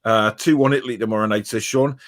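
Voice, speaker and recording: A man's voice: fairly low pitch, steady tone, fast talker, a bit bright. A chatty man. He hosts an easygoing football talk show, reading out comments and spinning jokey anecdotes. He keeps a loose, rambling rhythm with lots of ums and uhs. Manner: chatty, jokey storyteller, frequent fillers. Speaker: podcast host reading viewer comments. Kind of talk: casual chat.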